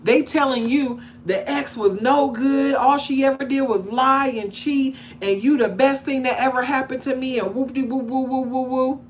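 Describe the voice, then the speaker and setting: A woman with a slightly high-pitched voice delivers a casual monologue straight to her viewers. She talks in an animated way, slipping into the voices of the people she describes and often asking whether they follow. A faint hum runs under the recording. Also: normal speed, few pauses. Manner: conversational, asks the audience questions. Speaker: relationship commentator.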